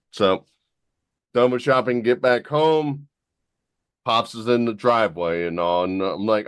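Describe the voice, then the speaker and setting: A man co-hosting a podcast, telling stories in a relaxed chatty way. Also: on the low side, moderate pace, clear, resonant tone, dry recording. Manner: storytelling, easygoing. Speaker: podcast co-host. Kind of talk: casual chat.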